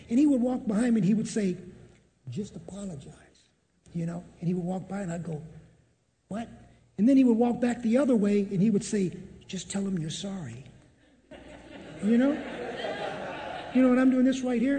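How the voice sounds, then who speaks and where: A man's voice: very high-pitched, mellow, in a large hall, a little hiss or hum. A man telling a personal faith testimony in a storytelling manner, often repeating what he said. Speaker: testimony speaker.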